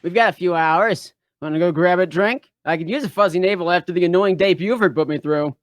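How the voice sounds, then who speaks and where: A reader doing a wisecracking guy, smooth and dry. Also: mid-range voice, fairly quick, dry recording, natural voice. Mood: wry. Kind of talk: live fan fiction read-through.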